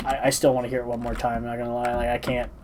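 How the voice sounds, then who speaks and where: A man's voice: medium pitch, monotone, rapid-fire, darkish tone, a little hiss or hum, low-quality recording. A sleepy man giving casual reaction commentary on a song, talking in a rambling, hesitant way with lots of fillers and restarts. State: sleepy, yawning. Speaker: music reaction channel host.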